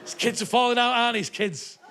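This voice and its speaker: A man's voice: extremely high pitch, fairly quick, over a noisy crowd, heavy background noise. A male stand-up comedian, swearing and mocking in a live comedy set in a theatre. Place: theatre stage before a live audience.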